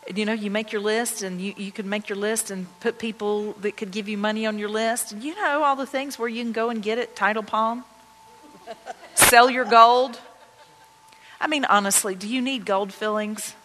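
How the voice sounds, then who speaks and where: A woman pastor telling personal stories in a conversational, excited sermon to her congregation. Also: mid-range voice, brisk, hardly any pauses, slight background noise. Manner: conversational, anecdotal, excited retelling. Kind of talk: storytelling sermon. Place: church sanctuary. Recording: long church-hall reverb.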